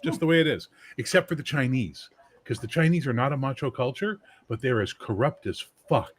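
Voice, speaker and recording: A man's voice: medium pitch, animated, a little fast, husky. A man in casual chat, blunt and profane, telling stories and acting out quotes.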